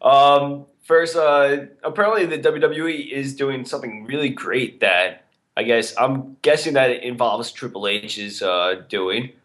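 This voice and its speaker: A man's voice: mid-range voice, a little slow, a bit bright. A man co-hosting a podcast in casual chat, rambling and hesitant, with many fillers. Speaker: podcast co-host.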